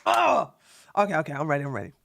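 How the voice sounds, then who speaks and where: A woman's voice: mid-range voice, expressive, measured pace, background noise. Sassy woman mocking on a livestream. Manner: sassy, mocking, talks straight to chat. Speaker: livestream host. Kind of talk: mocking drama commentary livestream.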